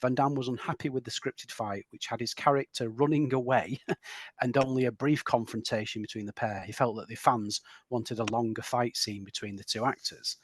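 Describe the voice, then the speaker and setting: A man's voice: medium pitch, steady tone, normal speed, dry recording. A man hosting a film podcast, chatting casually with lots of restarts and tag questions. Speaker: podcast host.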